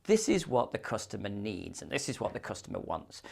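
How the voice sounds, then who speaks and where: A man's voice: on the low side, big pitch swings, fairly quick, vocal fry, full character voice. A man voicing a brash marketing person who trusts gut feeling, speaking in a self-assured, breezy way.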